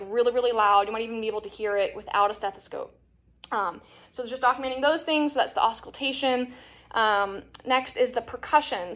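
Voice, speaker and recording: A woman's voice: on the high side, fairly bright tone. A young woman teaching a hands-on nursing assessment, explaining in a casual way with many fillers. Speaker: nursing instructor. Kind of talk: demonstration lesson.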